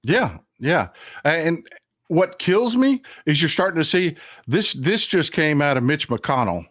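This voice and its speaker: A man's voice: fairly high pitch, sing-song, a little slow, a bit bright, dry recording, studio quality. A man hosting a casual political chat show, talking conversationally with plenty of fillers. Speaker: podcast host.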